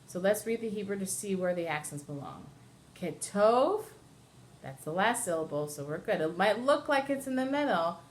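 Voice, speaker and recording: Woman cantor, patient class teacher, mid pitch, faint hiss behind. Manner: patient, explanatory, step-by-step, breaks into chant. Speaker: cantor teaching Torah chanting. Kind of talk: classroom lesson with sung examples.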